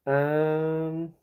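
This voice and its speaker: A man's voice: on the high side, clear, resonant tone. A young man chatting casually with viewers as he reads out his live stream chat. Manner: chatty, banters with viewers, slangy. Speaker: livestream host reading chat.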